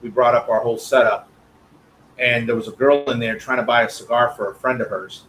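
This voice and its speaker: A man as an interview guest, telling animated anecdotes in casual chat. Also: medium pitch, brisk, slight background noise, rough recording. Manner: animated anecdotes with quoted voices. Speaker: guest, cigar company owner.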